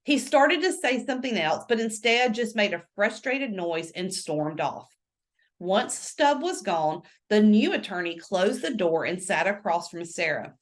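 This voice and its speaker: Woman narrator, book read-aloud, animated lively pitch. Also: unhurried. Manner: expressive storytelling. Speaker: book reader. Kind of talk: reading a novel aloud.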